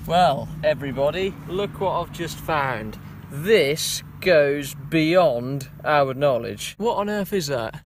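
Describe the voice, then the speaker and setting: A man, host of a metal detecting vlog, spinning deadpan tall tales in jokey banter out in a field. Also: fairly high pitch, takes it slowly. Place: open field outdoors.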